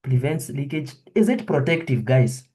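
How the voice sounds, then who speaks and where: A husky, mellow man runs an anatomy review lesson. He quizzes his students and repeats questions and answers over and over. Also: fairly high pitch, sing-song, normal speed. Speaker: anatomy lecturer. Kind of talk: online histology review lesson.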